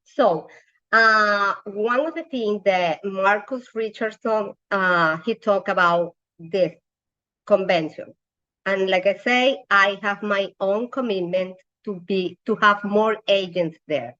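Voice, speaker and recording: Woman, eager testimony, very slow pace, dull lo-fi sound. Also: mid-range voice, sharp tone. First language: Spanish. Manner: eager, halting, many fillers. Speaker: sales agent on a team call. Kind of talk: enthusiastic testimony.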